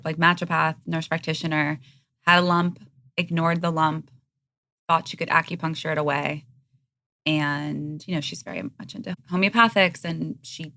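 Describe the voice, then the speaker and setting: A woman in her thirties talking openly and bluntly as a podcast guest. Her voice is bright and edged with vocal fry, in a dry, close studio sound. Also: deep voice, no echo. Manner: open, frank, occasionally blunt. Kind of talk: candid conversational interview.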